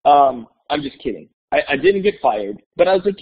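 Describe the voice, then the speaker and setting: A man's voice: fairly high pitch, moderate pace, few pauses, breathy edge. A man presenting at a webinar, telling a classroom story and acting out the quoted dialogue. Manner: animated, acts out quoted dialogue. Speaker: guest presenter. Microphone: webinar audio. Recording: tinny phone-like line.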